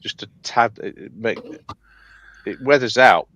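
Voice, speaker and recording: A man's voice: mid-range voice, unhurried, fairly bright tone, lo-fi sound. A man chatting casually on a live panel call, hesitant with many ums and restarts. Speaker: scale modeller on a live panel. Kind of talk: casual chat. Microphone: video call.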